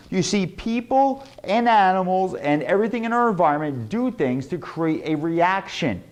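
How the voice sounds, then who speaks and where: A young adult man teaching a sales lesson, animated and demonstrating tones with his own voice. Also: high voice. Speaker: sales trainer.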